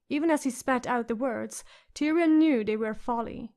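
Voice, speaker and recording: A woman narrating an audiobook in a measured, expressive way. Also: a little high.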